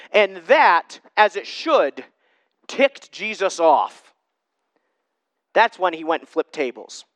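A man's voice: very high-pitched, a bit bright, dry recording. A man preaching an informal sermon in an emphatic way, repeating rhetorical questions to drive his points home. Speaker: Christian preacher.

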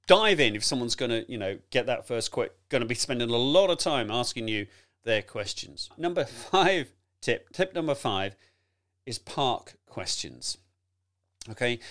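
A man coaching on presentation skills in a chatty, animated teaching talk, addressing the listener directly and laughing often. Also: a little high.

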